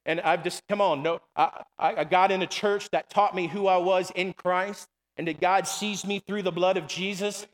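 High voiced pastor preaching, lots of come on and amen, long church echo. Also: male voice, fairly even intonation, normal speed, hardly any pauses. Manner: call-and-response preaching, repeating "come on" and "amen". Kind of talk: sermon. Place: church sanctuary. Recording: long hall reverb.

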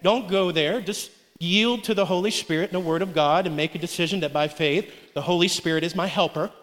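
Man, pastor preaching, high voice, call-and-response, long hall reverb. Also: a little fast, fairly bright tone. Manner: exhorting, call-and-response with congregation. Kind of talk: sermon. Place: church sanctuary.

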